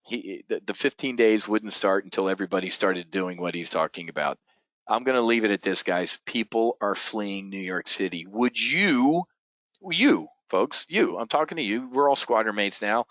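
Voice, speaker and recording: A man hosts a live market show in a blunt, profane rant that swings from loud outbursts to low mutters. His voice is bone-dry with no room sound, and the stream audio is dull and lo-fi. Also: moderate pace, no echo. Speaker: trading show host.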